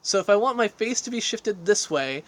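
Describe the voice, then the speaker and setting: Male livestream host, slightly high voice, rambling and self-deprecating, outdoor deck, phone on a selfie stick. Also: lively intonation, normal speed, fairly bright tone. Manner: rambling, self-deprecating, reads and answers chat aloud. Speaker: livestream host answering viewer questions. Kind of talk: casual livestream chat.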